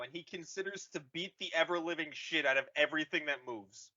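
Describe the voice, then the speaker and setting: A man co-hosting a comedy podcast, excitedly recapping a film, swearing and acting out the characters as he goes. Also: a little high, a little fast, no echo. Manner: excitable, swearing, acts out characters mid-story. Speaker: podcast co-host summarizing the film. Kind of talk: casual comedic podcast chat. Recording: dull lo-fi podcast audio.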